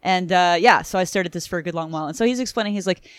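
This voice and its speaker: A woman's voice: on the low side, rapid-fire, clean tone, no echo. A woman hosting a casual chat, retelling a comic's story with lots of swearing and acted-out lines. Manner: animated, swears freely, acts out characters' lines. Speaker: podcast host reviewing a comic.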